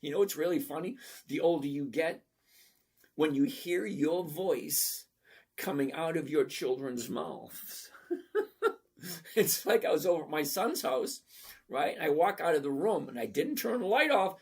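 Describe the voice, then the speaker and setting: A man's voice: on the high side, lively intonation, unhurried, breathy edge. A man in his fifties hosting a casual live stream, chatty and jokey as he greets viewers one by one and teaches investing.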